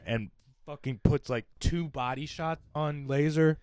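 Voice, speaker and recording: Male podcast co-host, mid-pitched, animated storyteller, dry close mic. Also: a little slow, no echo. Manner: animated storyteller, laughs while retelling. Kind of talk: casual chat.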